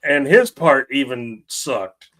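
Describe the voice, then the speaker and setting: A man's voice: medium pitch, expressive, takes it slowly, pushed and bright. A man reviewing a film on a podcast in casual chat, blunt and emphatic as he rants.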